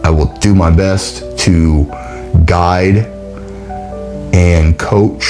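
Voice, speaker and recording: Emotional deep-voiced man giving encouragement. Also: steady tone, over music. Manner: emotional, heartfelt, halting with restarts. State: near tears. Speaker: podcast host. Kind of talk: motivational monologue.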